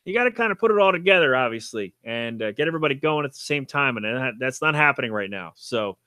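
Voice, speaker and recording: A man's voice: mid-range voice, very animated, normal speed, hardly any pauses, sharp tone, no room sound, clean studio sound. A man hosting a casual solo podcast, rambling offhand and self-deprecating about sports, with casual swearing. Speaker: podcast host.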